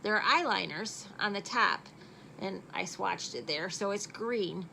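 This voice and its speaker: A woman's voice: medium pitch, measured pace, creaky, pushed and bright, slight background noise, poor audio. A middle-aged woman chatting casually through a makeup tutorial at home at night, joking at her own expense. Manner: chatty and self-deprecating. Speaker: makeup vlogger.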